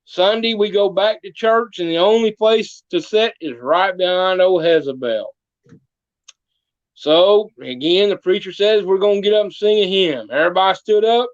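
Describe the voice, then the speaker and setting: On a podcast interview, a man plays a small-town mayor who tells comic tall tales in a folksy style and does voices for the people in them. His voice is high-pitched at normal speed, with no echo and the highs cut off.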